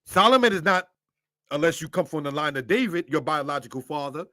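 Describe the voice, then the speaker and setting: A man's voice: a little high, animated, a little fast, bright, forceful tone, dry recording. A man with a slightly raised voice teaches scripture like a preacher. He breaks Hebrew words down one at a time and keeps asking his listeners questions. The sound is close and dry. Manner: preacherly, asks many rhetorical questions, addresses listeners as brothers and sisters; spells out Hebrew words line by line. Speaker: Torah teacher. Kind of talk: scripture lesson.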